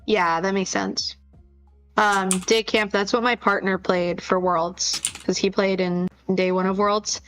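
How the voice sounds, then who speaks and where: A woman's voice: medium pitch, little pitch movement, unhurried, fairly bright tone, faint music behind, low-quality recording. A woman co-commentating a card game tournament stream and drawing on her own tournament play. She is chatty and easygoing and laughs often. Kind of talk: casual live game commentary.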